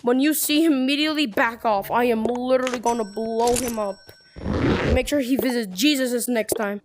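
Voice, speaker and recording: A woman giving casual gameplay commentary with excitable, bossy trash talk. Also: fairly high pitch, normal speed, heavy background noise. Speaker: gamer.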